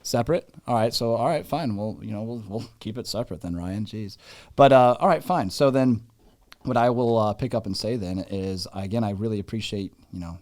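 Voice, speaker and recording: A man's voice: on the low side, brisk, a little mellow. A man hosting a casual podcast, rambling with lots of fillers and jokes. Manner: rambling, filler-heavy, jokey. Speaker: podcast host.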